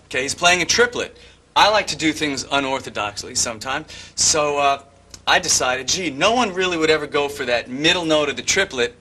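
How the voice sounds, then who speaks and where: An older man teaching drum parts step by step, explaining calmly and humming bass lines as he goes. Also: a little fast. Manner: methodical, hums bass lines as syllables. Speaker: drum instructor. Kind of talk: instructional explanation with count-ins.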